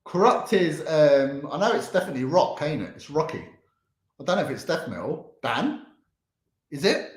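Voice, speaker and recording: A man's voice: fairly high pitch, big pitch swings, normal speed, roomy sound. A young man with a London accent hosting a charity livestream, chatting casually as he reads out comments, rambling, repeating himself and laughing often. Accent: London English.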